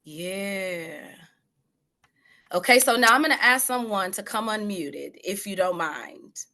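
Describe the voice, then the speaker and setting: A woman's voice: on the low side, fairly bright tone. A woman leading an online training session over a video call, affirming each participant and calling out encouragement. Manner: effusive, affirming, calls out encouragement. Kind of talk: energetic workshop facilitation.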